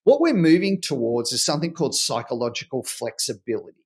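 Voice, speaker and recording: A middle-aged man with a mid-range voice talks as a podcast guest, explaining ideas through stories. He is animated and slips into acting out dialogue as he goes. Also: mid-range voice, quick pace, slightly rough. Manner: animated storyteller who acts out dialogue. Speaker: podcast guest, performance researcher. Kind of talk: conversational podcast interview.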